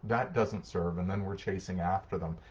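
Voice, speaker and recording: A man's voice: deep voice, steady tone, normal speed, dull audio. A middle-aged man, a social worker, giving casual parenting advice and answering viewer comments. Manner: warm, conversational, acts out short parent-child exchanges. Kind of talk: live-streamed advice talk reading comments.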